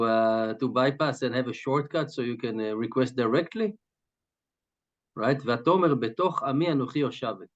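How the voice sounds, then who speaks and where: A man teaching from a Hasidic text. He explains Hebrew terms in English and keeps asking "right?" as he goes. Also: mid-range voice. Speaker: Torah teacher. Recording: dull lo-fi recording.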